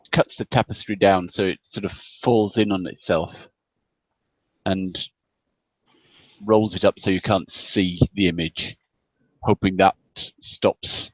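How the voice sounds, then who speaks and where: A man playing a tabletop game, quietly describing his character's actions. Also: on the low side, no room sound. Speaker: player. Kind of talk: casual tabletop role-play. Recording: dull lo-fi mic.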